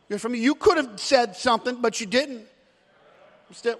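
A male pastor preaching a sermon in a church, moving between shouted high points and low, quiet asides. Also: moderate pace. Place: church sanctuary. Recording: long church hall reverb.

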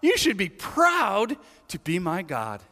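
A man's voice: high voice, wildly swooping pitch, takes it slowly, bright, forceful tone, in a large hall, heavily acted. A man voicing a smug, boastful Pharisee who praises himself in prayer. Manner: self-congratulating, showy.

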